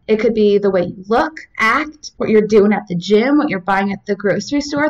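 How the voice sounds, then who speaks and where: A young woman talks through wellness advice in a casual, rambling way, full of little asides and fillers. Her voice sits fairly high. The sound is a bit distant from the mic and slightly dull. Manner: chatty and rambling, with many "like" fillers and side notes. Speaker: university staff member giving wellness advice. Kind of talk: casual self-help talk to camera.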